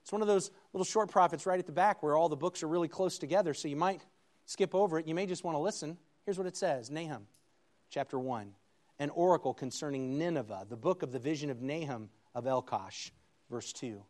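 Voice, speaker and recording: A man preaching a sermon, reading scripture aloud with slow dramatic emphasis and rising to loud, emphatic peaks. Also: on the high side.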